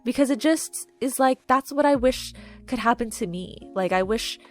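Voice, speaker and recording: A woman chatting casually to camera while ranking movies, gushing and filling pauses with "um" and "like". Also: a little high. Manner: chatty, gushing, many fillers. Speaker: video creator ranking movies. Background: faint background music.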